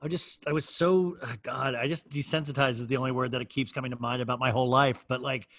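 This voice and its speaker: A man chatting as a podcast guest, rambling and animated, restarting his sentences as he tells stories. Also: mid-range voice, fast, dry recording. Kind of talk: casual chat.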